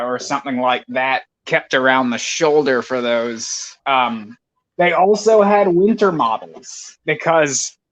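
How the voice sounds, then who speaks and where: Bright-voiced man, rambling. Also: medium pitch, rough recording. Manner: rambling, digressive, wry asides. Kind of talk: casual chat.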